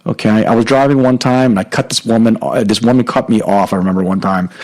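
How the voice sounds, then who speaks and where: A middle-aged man hosting a podcast, giving a casual, halting talk on faith with many fillers and restarts. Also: on the low side, fairly even intonation, darkish tone, poor audio. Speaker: podcast host. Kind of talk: spoken teaching on faith.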